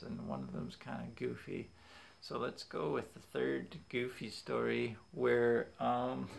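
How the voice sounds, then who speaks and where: A young man casually telling funny stories from his childhood, animated and quick to laugh. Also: medium pitch, vocal fry. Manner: animated, acts out voices in quotes, laughs often. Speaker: vlogger. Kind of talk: casual storytelling.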